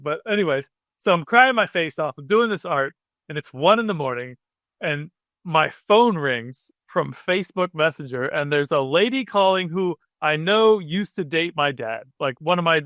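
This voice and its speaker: Bright-voiced man telling stories, emotional. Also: a little high, no room sound, studio quality. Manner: rambling, emotional, many fillers. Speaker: guest, cartoonist. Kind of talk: casual interview chat.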